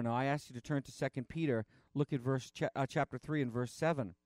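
A man preaching a sermon in an earnest, halting way, with frequent fillers and restarts. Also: mid-range voice, steady tone, a little mellow, no echo, clean studio sound.

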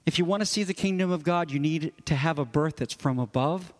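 A man's voice: on the high side, fairly quick, faint music behind. A man preaching a sermon as pastor, earnest and emphatic, explaining a passage with repeated stress. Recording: long hall reverb.

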